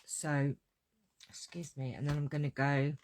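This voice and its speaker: Slow, chatty woman crafting. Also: deep voice, little pitch movement, darkish tone. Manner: chatty, talks to herself while working, scatterbrained. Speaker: card-making tutor. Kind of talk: hands-on craft tutorial.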